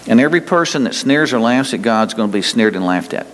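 A man's voice: mid-range voice, lively intonation, quick pace, fairly bright tone, a little hiss or hum. A man preaching a sermon as pastor, emphatic and folksy, repeating himself and talking straight to his listeners. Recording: long hall reverb.

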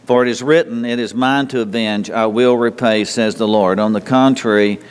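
A man's voice: medium pitch, fairly even intonation, normal speed, clear, resonant tone. A man preaching a sermon in a church, talking conversationally to the congregation, repeating words and asking rhetorical questions. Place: church sanctuary. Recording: long hall reverb.

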